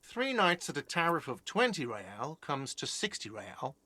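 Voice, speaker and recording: Irritable hostel manager, sarcastic, curt, dry recording. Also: male voice, on the high side, sing-song, a little slow, sharp tone, no echo, full character voice. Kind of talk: game voice acting.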